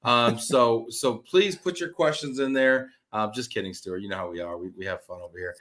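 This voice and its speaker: A man hosting a live interview webcast, with an energetic, teasing, jokey way of talking. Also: medium pitch, moderate pace. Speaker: host.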